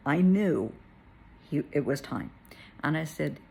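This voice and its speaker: A middle-aged woman tells a personal story, her voice gravelly and very husky. She speaks softly and tearfully, sometimes sinking to a whisper, with a fairly low pitch. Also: lively intonation, slow, long pauses. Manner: tearful, soft-spoken, drops to a whisper at moments. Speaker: therapist.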